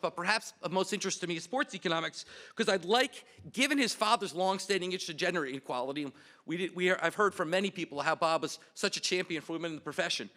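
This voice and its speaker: A man speaking at a memorial event as host, with a high, bright voice. He tells a long anecdote with light humor before introducing the panel. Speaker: department representative and panel host. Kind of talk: memorial speech.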